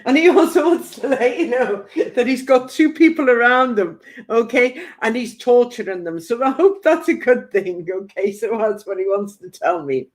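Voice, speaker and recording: A woman's voice: on the high side, lively intonation, normal speed, few pauses. A woman working as a spiritual medium, giving a chatty live-stream psychic reading and passing on spirit messages with playful quoted asides.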